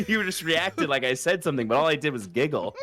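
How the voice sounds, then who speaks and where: A man's voice: fairly high pitch, big pitch swings, fairly quick, sharp tone. Goofy, teasing man co-hosting a podcast. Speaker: podcast co-host. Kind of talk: casual chat.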